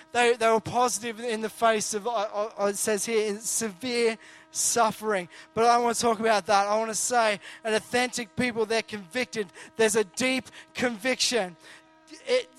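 Male preacher, high tenor, casual sermon, self-deprecating, stop-start phrasing. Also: fairly even intonation, moderate pace, a bit bright, faint music behind. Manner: earnest, jokey, frequent restarts. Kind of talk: conversational sermon.

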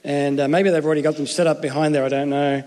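A man with a high voice delivers a relaxed, joking sermon, often stumbling and restarting his phrases. The sound carries a long hall reverb. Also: fast talker. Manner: conversational, jokey, self-interrupting. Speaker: pastor.

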